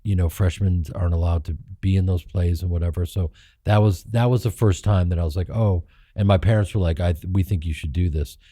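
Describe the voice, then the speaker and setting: A middle-aged man with a low, dark voice tells candid stories in an interview. He is animated and profane, and he jumps higher when he acts out the people he quotes. The sound is dry and close to the mic. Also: fairly quick, husky, no echo. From Chicago, United States. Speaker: guest actor and comedian.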